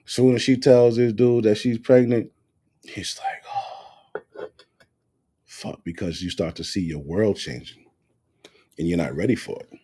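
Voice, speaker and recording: A man's voice: lowish voice, normal speed, slightly rough. A man co-hosting a podcast, talking bluntly and with a lot of profanity in casual chat. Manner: blunt, profane, animated rants. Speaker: podcast co-host.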